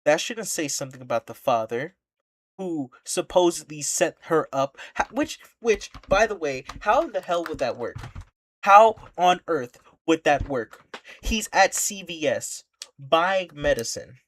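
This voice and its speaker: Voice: medium pitch, expressive, unhurried. A streamer giving an impassioned, indignant commentary rant, full of rhetorical questions and repeated points.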